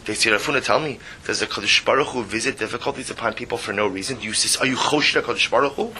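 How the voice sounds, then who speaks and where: A man with a bright, clear voice leads a text study lesson, reading passages aloud and explaining them with lively emphasis. He often repeats himself and breaks in with asides to his listeners. A faint rumble sits under his voice. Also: fast talker. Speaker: teacher.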